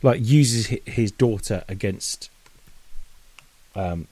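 A man's voice: lowish voice, slow, darkish tone. A man, co-hosting a casual film review chat in a chatty way, with many restarts and fillers. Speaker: podcast co-host.

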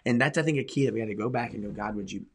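A man's voice: mid-range voice, rapid-fire, breathy edge. A man, a pastor, talking earnestly in a conversational church podcast, repeating phrases for emphasis.

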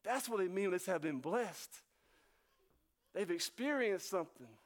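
A male pastor preaching a sermon, talking fast and excitedly, then slowing down to stress key words. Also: sits high. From North Carolina.

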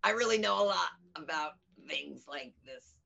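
Outspoken middle-aged woman comedian, bright tone. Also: sits low, moderate pace, creaky. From United States. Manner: animated, outspoken storyteller. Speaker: stand-up comedian and comedy teacher. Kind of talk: conversational interview over video. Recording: dull lo-fi audio.

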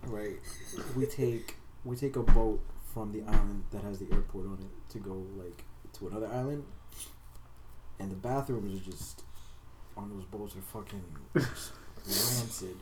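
A man's voice: fairly low pitch, a little slow. Laid-back man with noisy background. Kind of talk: casual group chat.

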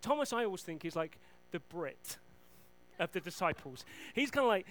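A man preaching a sermon, retelling Bible stories in an animated way with self-deprecating asides. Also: sits high, moderate pace, rough recording.

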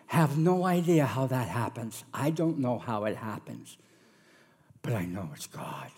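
A middle-aged man preaching a sermon as a pastor, animated and acting out the voices of the people in his story. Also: medium pitch, unhurried, husky, long reverb tail. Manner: animated, acts out voices of characters.

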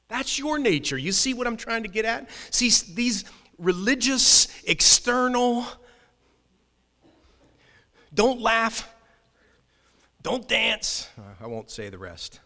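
A male pastor preaching a sermon, telling a personal story in an animated, emphatic way with quick restarts. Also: high voice. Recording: long hall reverb.

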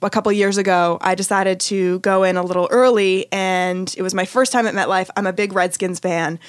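Upbeat female podcast host, mid pitch, dry close studio sound. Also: steady tone, a little fast, smooth, no room sound. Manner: chatty, upbeat storyteller. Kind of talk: casual interview chat. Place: recording studio.

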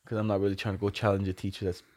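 A man's voice: lowish voice, level tone, very fast, a little mellow. Laid-back young man telling a story. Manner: profane, laid-back storytelling with quoted voices. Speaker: storyteller in casual conversation. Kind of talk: casual chat.

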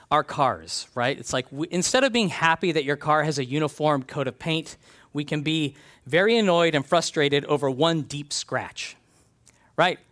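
A man's voice: a little high, a bit bright. Earnest man preaching a sermon. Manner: conversational and earnest, reads scripture aloud. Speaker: pastor.

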